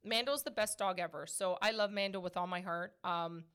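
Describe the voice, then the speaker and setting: A woman in her thirties hosting a podcast, answering questions in a chatty, animated way. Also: fairly low pitch, a little fast, clear, resonant tone. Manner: chatty, animated, laughs often. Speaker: podcast host. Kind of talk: casual podcast Q&A chat.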